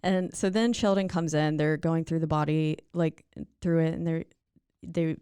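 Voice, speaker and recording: A woman's voice: low voice, steady tone, normal speed, mellow, clear, resonant tone, no room sound, studio quality. A woman co-hosting a podcast, chatting casually about a horror film, swearing freely and acting out lines. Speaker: podcast co-host.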